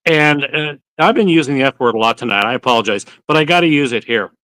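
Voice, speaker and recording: A man's voice: medium pitch, expressive, quick pace, sharp tone, no room sound, rough recording. A man hosting a casual live-stream chat, telling rambling stories and swearing casually. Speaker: host of a barbecue channel livestream.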